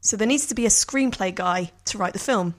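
A woman's voice: mid-range voice, fairly quick. Wry woman co-hosting a film podcast. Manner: wry, laughs while talking. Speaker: podcast co-host. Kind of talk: casual film review chat.

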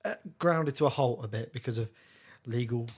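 Middle-pitched male co-host, dry, deadpan comic delivery. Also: normal speed, husky. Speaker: podcast host. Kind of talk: casual comedy chat.

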